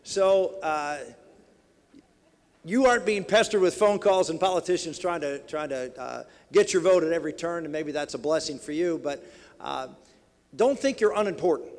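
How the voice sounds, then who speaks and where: A middle-aged man gives a folksy, rambling speech at a banquet, full of restarts and fillers. His voice is gravelly and a little high for a man. The sound carries a long hall reverb. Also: moderate pace, darkish tone. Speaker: politician giving a banquet address.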